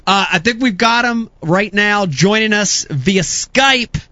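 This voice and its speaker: A man hosting a live show, talking in an energetic, excitable way. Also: high-pitched, takes it slowly, no echo. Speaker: show host. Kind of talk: casual live show chat. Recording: slightly dull, lo-fi sound.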